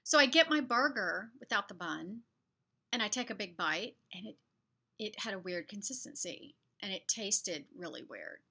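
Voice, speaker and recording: A woman's voice: medium pitch, normal speed, creaky, slightly rough. A middle-aged woman from the southern United States chatting casually in a vlog, telling stories from her day with lots of fillers. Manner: chatty, animated storytelling with fillers. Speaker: vlogger.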